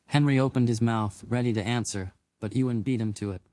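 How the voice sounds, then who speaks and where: A man narrating a scripted audio drama in an even, measured storytelling manner. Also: medium pitch, no echo, studio quality.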